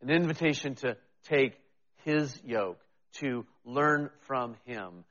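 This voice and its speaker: A man's voice: mid-range voice, expressive, slow, a bit bright, long reverb tail, dull audio. A man preaching a sermon as pastor, talking in a conversational, self-deprecating way with frequent restarts.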